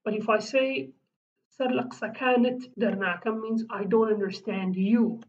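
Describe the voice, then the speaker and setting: Woman teaching, halting. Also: a little high, steady tone. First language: Kurdish. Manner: halting, searching for words, frequent restarts. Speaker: language teacher. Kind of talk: explaining vocabulary in a lesson. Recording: distant mic, dull lo-fi sound.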